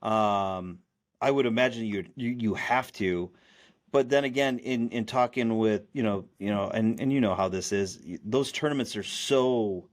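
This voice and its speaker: Rambling low-voiced male podcast host. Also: moderate pace. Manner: rambling, many restarts and fillers. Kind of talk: casual chat.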